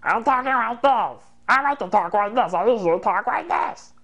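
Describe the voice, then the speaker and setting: A man putting on a silly, high-pitched, goofy voice to demonstrate talking in a funny voice, playful and exaggerated. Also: lively intonation, normal speed, creaky, a bit bright, highs cut off, exaggerated voice.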